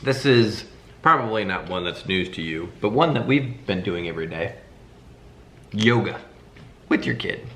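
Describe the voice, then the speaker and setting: A man's voice: lowish voice, animated, moderate pace, long pauses, a bit bright, slight background noise. Laid-back young man in an echoey room. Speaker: co-host. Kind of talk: casual chat. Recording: roomy echo.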